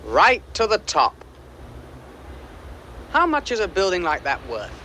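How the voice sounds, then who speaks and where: An ambitious young man speaks in a bright, sharp voice that climbs high and swoops. He sounds somewhat off-mic on a film soundtrack, with faint outdoor noise behind him. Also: huge pitch swings, a little slow, full character voice. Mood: eager. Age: young adult.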